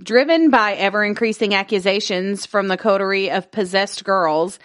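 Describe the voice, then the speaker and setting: A woman's voice: medium pitch, normal speed, a bit bright, no echo. Woman, casual podcast co-host reading a text aloud with jokey asides, dry close sound. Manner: laughs easily, swears casually, stumbles over words.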